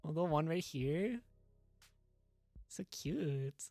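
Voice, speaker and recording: A woman streaming a game, talking casually and gushing excitedly, with squeals and swearing. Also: sits low, extremely slow, faint music behind.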